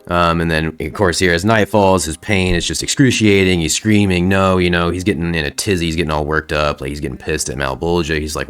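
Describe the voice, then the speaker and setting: A man's voice: low-pitched, steady tone, a little fast, few pauses, a bit bright, clean tone. A man hosting a casual comic book recap, laid-back and slangy, with lots of fillers. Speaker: host.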